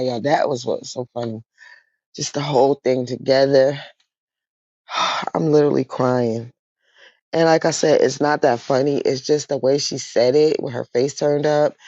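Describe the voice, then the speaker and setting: A woman's voice: extremely low pitch, a little mellow, dry recording. A woman recapping a reality show in a casual chat, keeps breaking into laughter mid-sentence and calls her viewers y'all. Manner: chatty, addresses viewers as y'all. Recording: dry, dull lo-fi sound.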